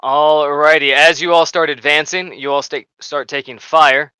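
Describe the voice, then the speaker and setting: A man runs a tabletop game, narrating in a loose, rambling manner. His voice sits slightly high and very bright, and clear in a dry room. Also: steady tone, normal speed, dry recording. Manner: casual, rambling with fillers. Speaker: game master.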